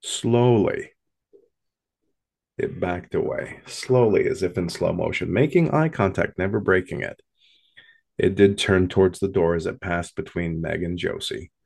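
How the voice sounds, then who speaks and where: A man telling a first-person paranormal story in an intense, dramatic way with long pauses. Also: low voice, gravelly, slightly rough.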